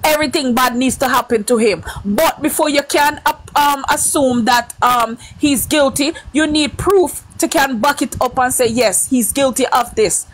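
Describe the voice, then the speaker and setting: A woman's voice: sits high, moderate pace, hardly any pauses. A woman in casual live-stream chat, talking earnestly and lecturing, repeating her points.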